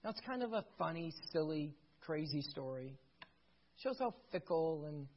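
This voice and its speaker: A man preaching a sermon, swinging from loud emphasis down to hushed, intimate passages. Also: on the high side, lively intonation, moderate pace, lo-fi sound. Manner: dramatic swings from loud emphasis to near-whisper; acts out dialogue of a retold sitcom scene.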